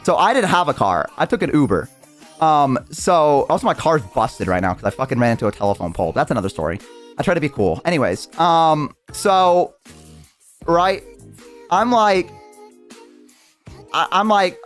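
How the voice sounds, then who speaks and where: A man's voice: a little high, expressive, normal speed, soft background music. A young man streamer telling a story casually, rambling and swearing with lots of restarts.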